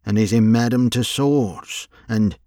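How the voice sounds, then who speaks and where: A man's voice: lowish voice, unhurried, mellow, no room sound, studio quality. A man reading an audiobook, voicing a crafty working-class hired crook with a wheedling, conciliatory manner. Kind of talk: audiobook character voice.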